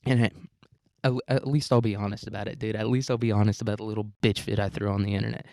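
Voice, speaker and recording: A man hosts a solo podcast in a fairly low, level voice that's a little mellow and fast, recorded cleanly in a studio with no echo. He talks casually and rambles, swearing, mocking himself and laughing often.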